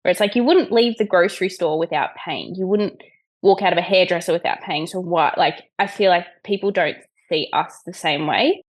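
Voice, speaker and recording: A woman's voice: fairly low pitch, moderate pace. An Australian woman with an Australian accent, chatting casually on a group coaching call, full of fillers and slang. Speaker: online coach on a mastermind call. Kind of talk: casual chat.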